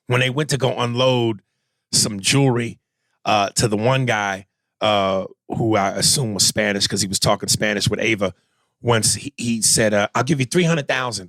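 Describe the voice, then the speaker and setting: Relaxed man recapping a show, dry room. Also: on the low side, normal speed, no room sound. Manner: conversational, recaps scenes at length. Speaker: podcast co-host. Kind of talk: casual chat.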